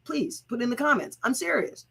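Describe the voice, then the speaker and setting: A woman's voice: a little high, big pitch swings, normal speed, creaky, bright, forceful tone, slightly rough, low-quality recording. A woman hosting her own livestream, talking bluntly and profanely, chanting repeated slogans to rally her viewers. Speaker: host of own channel. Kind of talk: livestreamed motivational rant.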